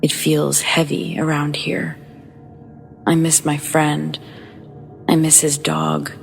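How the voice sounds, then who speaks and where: A woman narrates a scary story in a low, gravelly voice. She speaks slowly and flatly, keeping a hushed and somber tone. Faint music plays under her.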